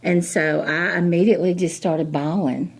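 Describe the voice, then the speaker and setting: A woman's voice: lowish voice, steady tone, moderate pace, vocal fry. A middle-aged woman, a ministry director telling a personal story in a chatty, folksy way, full of "you know" asides and acted-out dialogue.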